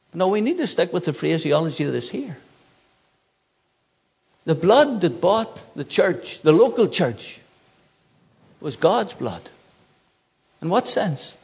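A man's voice: high-pitched, breathy edge, long reverb tail. A man preaching a sermon from the pulpit, earnest, rising in emphasis on key points. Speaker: pastor.

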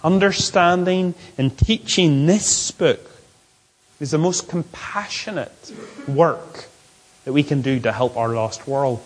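A man preaching a sermon, repeating key phrases and stretching words out slowly for emphasis. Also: fairly high pitch, low-quality recording. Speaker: pastor.

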